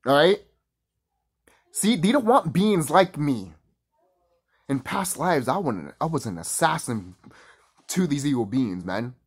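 A man's voice: on the high side, sing-song, slow pace, pauses often, slightly rough. A man ranting casually to camera in a profane, heated and rambling way. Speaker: vlogger.

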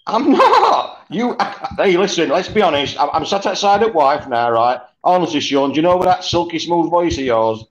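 Yorkshire man, cheeky sweary livestream guest, lo-fi dull sound, slightly high voice. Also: lively intonation, a little fast, few pauses. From born in Ireland, raised in Yorkshire. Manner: swearing, joking, laughs often. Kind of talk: casual banter. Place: sitting outdoors by a canal. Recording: dull lo-fi stream audio.

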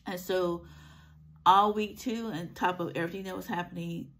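A woman's voice: fairly low pitch, fairly even intonation, normal speed, a bit bright. A woman coach talking in an earnest, encouraging vlog, her throat scratchy from a cold. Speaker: life coach. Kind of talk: motivational vlog talk.

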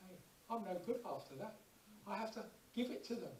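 A man preaching a lively sermon in a church, acting out little everyday scenes and prayers as he goes. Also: high voice, brisk, slight background noise. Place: church hall. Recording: echoey church hall, distant mic.

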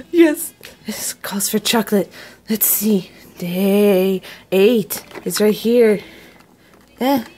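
A woman vlogging to her viewers, giddy and squealing with excitement. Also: mid-range voice, extremely slow, pauses often, breathy edge. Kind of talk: excited casual vlog chat.

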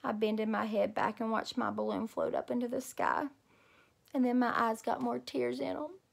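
Woman, teacher, children's read-aloud, slightly high voice, expressive, chatty asides to kids. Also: moderate pace, gravelly, slightly rough.

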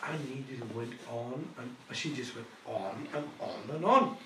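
A man's voice: medium pitch, normal speed. A man giving a Quran lesson lecture, telling stories animatedly, often repeating himself and laughing. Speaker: Islamic scholar lecturer. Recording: echoey room, distant mic, faint noise.

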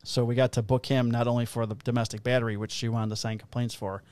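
A man, a police officer co-hosting a podcast, telling work stories in a casual, profane, animated way and acting out the quotes. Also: medium pitch, fast. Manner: profane, animated storyteller who acts out quotes. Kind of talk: casual chat, storytelling.

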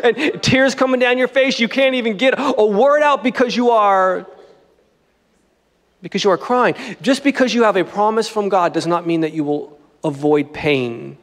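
High-voiced pastor preaching in a reverberant hall. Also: male voice. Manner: conversational, joking preaching style. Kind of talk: sermon. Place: church sanctuary.

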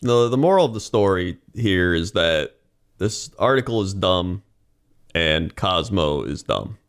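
Lower-voiced young man laughing through chat. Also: sing-song, a little slow, smooth. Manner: laughing, mocking article reading. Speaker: podcast co-host. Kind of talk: casual chat.

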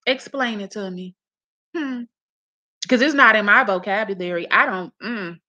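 A woman delivers reaction commentary with a bright, forceful edge. She is blunt and scolding, swears heavily, and sits at an everyday middle pitch. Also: moderate pace, highs cut off. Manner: mocks others in put-on voices.

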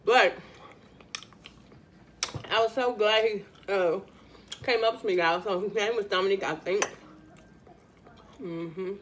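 A woman's voice: mid-range voice, normal speed, pauses often, slight background noise. Chatty woman hosting an eating show. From Louisiana, US. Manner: chatty, addresses viewers as y'all, eats between lines. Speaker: mukbang host. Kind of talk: casual eating-show chat.

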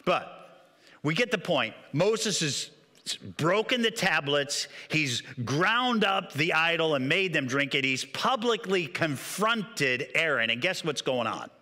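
Brief: bright, sharp-toned male pastor, lively storyteller, sermon in a long-reverb hall. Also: on the high side, slow pace. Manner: animated, storytelling, repeats words when excited.

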